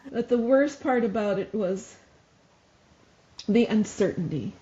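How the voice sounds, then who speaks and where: A woman's voice: medium pitch, animated, measured pace, warm tone, highs cut off. A middle-aged woman, a former nurse, telling her story on a podcast in an earnest way, laughing often as she speaks. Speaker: podcast guest, mother of a wounded soldier. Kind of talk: emotional podcast conversation.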